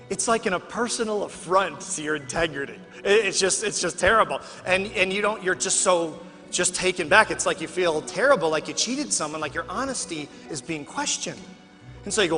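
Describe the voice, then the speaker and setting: A man from Chicago gives a keynote talk in a big convention hall, with a bright, forceful and fairly high voice. He tells animated stories and throws himself into other people's lines. A long hall reverb trails his words, and faint music plays under them. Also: normal speed. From Chicago, USA. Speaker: keynote speaker. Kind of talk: keynote speech storytelling.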